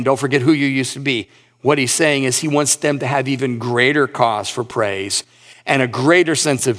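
A pastor preaching a sermon with earnest emphasis, reading scripture slowly and rising in pitch on key points. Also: male voice, a bit bright.

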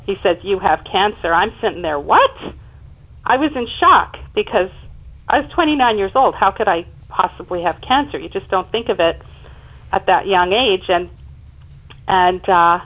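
Animated woman in her fifties. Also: on the low side, lo-fi sound. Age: 50s. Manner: emphatic, animated storyteller. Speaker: interview guest. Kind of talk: personal storytelling in conversation.

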